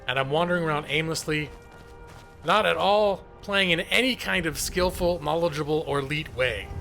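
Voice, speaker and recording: This gaming streamer's voice is a little high and gravelly, with a sharp tone and normal speed, and faint music runs in the background. He chats casually during live gameplay, making self-deprecating jokes.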